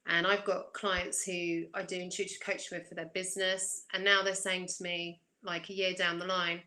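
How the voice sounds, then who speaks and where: A woman's voice: lowish voice, level tone, moderate pace, hardly any pauses, bright, forceful tone, rough recording. A woman working as an intuitive coach, talking reflectively on a spiritual chat show and posing questions to listeners. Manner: reflective, asks questions back. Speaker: intuitive coach and guest reader. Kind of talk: casual chat.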